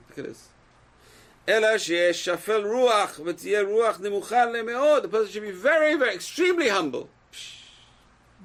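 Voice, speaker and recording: Fast, gravelly man teaching a Torah class. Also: high voice, fairly bright tone. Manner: reads Hebrew texts aloud then translates and explains; asks rhetorical questions to the class.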